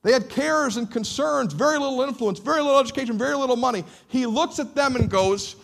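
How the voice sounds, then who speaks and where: A man preaching a sermon with animated emphasis and frequent repeated words. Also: extremely high pitch, fast, creaky, hardly any pauses. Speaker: pastor.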